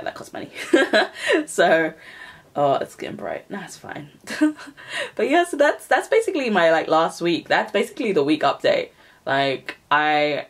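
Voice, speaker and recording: A young woman chatting to camera at home, rambling and self-deprecating with frequent laughs. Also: sits low. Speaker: writing vlogger. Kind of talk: casual chat to camera. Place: at home, indoors.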